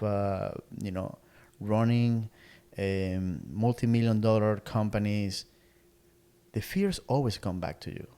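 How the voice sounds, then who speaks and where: A man's voice: on the low side, darkish tone, clear, resonant tone. A middle-aged man co-hosting a podcast, speaking earnestly in casual motivational chat and repeating words as he searches for phrasing. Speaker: podcast co-host.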